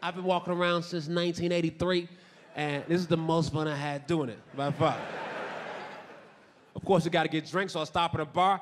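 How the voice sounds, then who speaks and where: A man doing a stand-up comedy routine on a club stage, telling stories in a dry, deadpan way with sudden shouted punchlines. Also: a little high, brisk. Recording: noisy live comedy club.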